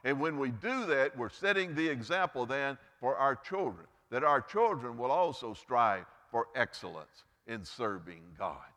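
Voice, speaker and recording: A man's voice: sing-song, a little slow, few pauses, sharp tone, long reverb tail. A man preaching a Mother's Day sermon as pastor, earnest, lifting and dropping his voice for emphasis, then praying. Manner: earnest preaching, pitch and volume rising and falling for emphasis. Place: church sanctuary.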